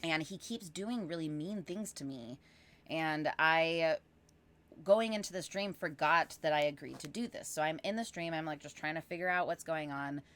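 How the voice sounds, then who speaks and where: Woman, low pitch, casual rambling storyteller, podcast guest. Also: moderate pace. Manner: animated, rambling with frequent fillers.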